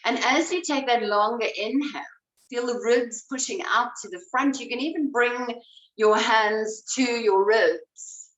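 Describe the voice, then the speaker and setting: A woman breathwork instructor leading a guided breathing exercise, giving slow, calm instructions. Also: on the high side. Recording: roomy sound, voice away from the mic.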